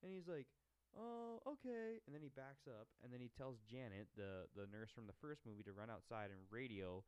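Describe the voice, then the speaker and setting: A man's voice: lowish voice, fairly quick, few pauses, clear, resonant tone, dry recording. A young man co-hosting a casual movie recap, swearing freely and acting out lines from the film. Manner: profane, animated retelling with shouted mock quotes. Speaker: podcast co-host.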